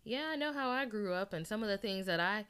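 A woman's voice: mid-range voice, expressive, a little fast, fairly bright tone, clean tone. A woman in a casual Bible study discussion, talking animatedly and acting out imagined quotes.

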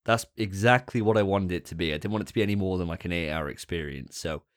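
A man's voice: low voice, fast talker, no room sound, clean studio sound. A man co-hosting a casual gaming podcast, teasing the others with sarcastic banter. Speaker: podcast co-host.

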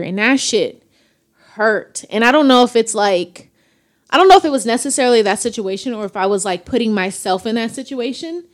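Slightly high-voiced woman on a podcast, open and emotional, curses a lot. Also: expressive, brisk. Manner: candid, emotional, swears freely. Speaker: podcast host. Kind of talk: casual chat.

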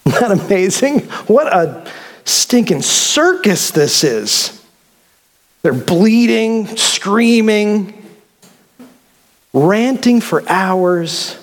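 A male pastor preaching a sermon, animated and conversational, with touches of humor. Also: sits high, long reverb tail.

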